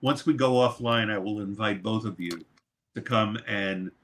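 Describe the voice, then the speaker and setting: Man telling an animated studio story. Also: on the low side, normal speed. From New York. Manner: animated, swears freely, laughs mid-story. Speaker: guest, record producer and mixer. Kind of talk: storytelling in a podcast interview.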